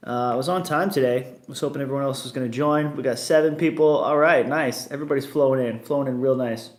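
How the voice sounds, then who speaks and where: A man's voice: medium pitch, fast, a little hiss or hum. A man in his thirties hosting a casual morning livestream from home, upbeat and chatty, greeting viewers one after another. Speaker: livestream host.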